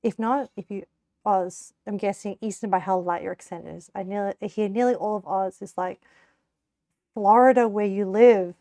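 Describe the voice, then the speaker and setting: A woman's voice: mid-range voice, steady tone, moderate pace, warm tone, dry recording, clean studio sound. A young Australian woman streaming while she cooks, chatting casually and rambling, with frequent laughs and casual swearing. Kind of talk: casual live-stream chat while cooking.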